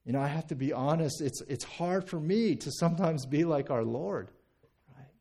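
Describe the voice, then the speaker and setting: Soft-toned conversational male pastor. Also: on the high side, normal speed. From United States. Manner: conversational, repeats words, asks the congregation "right?". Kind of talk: sermon.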